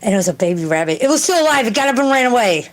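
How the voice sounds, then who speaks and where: Very fast and fairly high-pitched, this woman's voice swings widely in pitch. She's running a relaxed home livestream, reading chat aloud, rambling profanely, talking to viewers and shouting at her cat.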